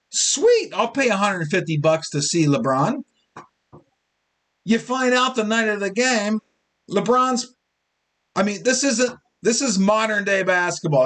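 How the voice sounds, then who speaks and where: A man hosting a casual sports talk show, joking and a little tipsy, slipping into fan voices as he rants. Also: high-pitched. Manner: animated, joking, mimics fans in quotes.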